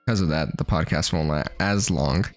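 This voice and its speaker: A man's voice: very deep voice, fairly quick, faint music behind. A young man from New Mexico co-hosting a podcast, chatting casually in a loose, profane, joking way. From New Mexico, USA. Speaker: podcast co-host. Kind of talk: casual chat.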